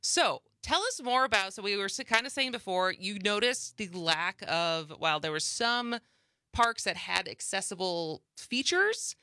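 A woman's voice: mid-range voice, lively intonation, a little slow, sharp tone, dry recording, studio quality. A young woman hosting a radio talk show, chatting casually and laughing easily as she interviews a guest.

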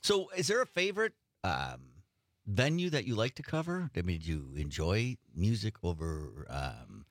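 A man's voice: sits low, very animated, moderate pace, no room sound, clean studio sound. A man hosting a casual talk show, asking rambling questions with lots of stammering restarts. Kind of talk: casual chat.

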